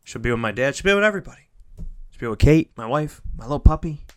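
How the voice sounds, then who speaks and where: This man speaks fast and smoothly, his medium-pitched voice full of lively intonation, as he gives a heartfelt motivational talk. Phrases get repeated for emphasis, and he alternates between loud, pushing lines and hushed, almost whispered ones.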